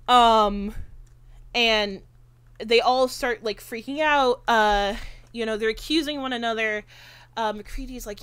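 Casting note: young woman, slightly high voice, dry close sound, loose chatty recapper who swears a lot. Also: slow pace, a bit bright, clean tone, dry recording. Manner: rambling recap, heavy filler words and swearing. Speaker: podcast co-host. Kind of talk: casual movie-discussion chat.

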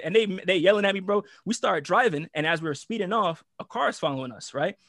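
A young man tells a wild story in casual podcast talk, his voice a bit high and animated as he jumps into other people's lines. The sound is close and dry with no room around it. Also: fast, no room sound. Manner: animated, slangy, acts out quotes with shifting pitch. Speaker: storyteller guest.

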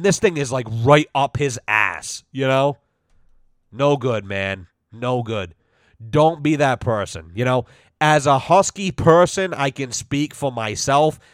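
A man's voice: mid-range voice, no room sound, studio quality. A man hosting a podcast on a headset at home, telling stories in a casual, rambling way and swearing a lot. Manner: profane, rambling, lots of "you know". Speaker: podcast host. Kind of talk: casual storytelling monologue. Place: at home with his dog. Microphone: headset mic.

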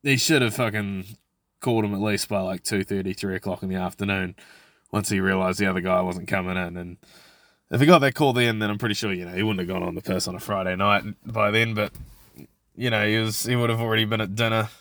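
A man's voice: on the low side, steady tone, quick pace, a bit bright, dry recording. A man hosting a podcast, telling a work story in a rambling, profane way, with many restarts and fillers. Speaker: podcast host. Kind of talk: casual storytelling monologue.

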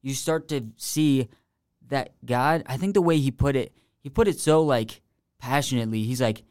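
A man's voice: mid-range voice, moderate pace, a little mellow, clear, resonant tone, no room sound, studio quality. A young man and podcast guest sharing his faith in an earnest, rambling way, full of restarts and "like". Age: young adult. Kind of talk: casual faith testimony.

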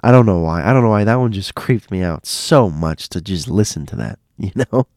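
Low-voiced man, rambling storyteller. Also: expressive, moderate pace, a little mellow, no room sound, clean studio sound. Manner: rambling, repeats and restarts phrases. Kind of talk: casual spoken storytelling.

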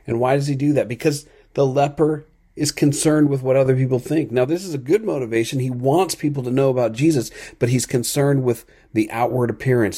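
A man hosting a podcast, giving an earnest, thoughtful devotional talk at an unhurried pace. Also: medium pitch, dark tone, breathy edge.

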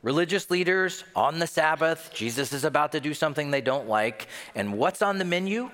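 A male pastor delivering a Sunday sermon with a lively, swooping pitch, acting out scenes as he tells them. His voice rings through a hall with a long reverb tail. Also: fairly quick, hardly any pauses. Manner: animated storytelling, acts out scenes.

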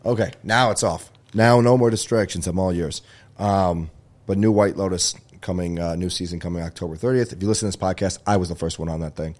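A man's voice: deep voice, fairly even intonation, a little fast, a little mellow. A young man hosting his own podcast, rambling in casual solo chat, easily distracted and swearing freely. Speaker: podcast host.

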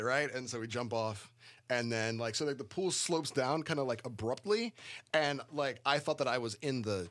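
A man's voice: medium pitch, normal speed, fairly bright tone. A man telling a story in casual podcast chat, loose and full of fillers.

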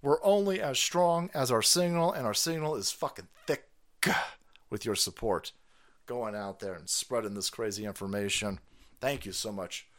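A man hosting a live stream, ranting crudely and excitably, with sudden loud bursts and fast runs. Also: medium pitch. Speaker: livestream host. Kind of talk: profane political rant stream.

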